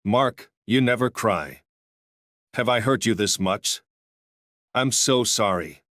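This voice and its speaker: A man's voice: on the low side, expressive, slow, a bit bright, no room sound, studio quality. A man reading a wife's apologetic lines. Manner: evenly read, little change from narrator. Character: adult woman leaving her husband, apologetic.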